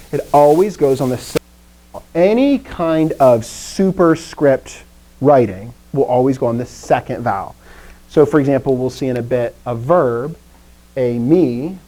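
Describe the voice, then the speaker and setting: Poor audio captures a warm, mid-range voice belonging to a young man leading an adult Greek class. Upbeat and poking fun at himself, he calls out words for his students to say back to him.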